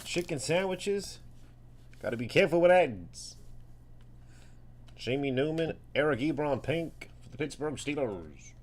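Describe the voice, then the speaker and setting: A man hosting a live sports card break, reading off names and teams in quick bursts and joking with viewers between pulls. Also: fairly high pitch, expressive. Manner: rapid-fire listing of names and teams, hyped and joking.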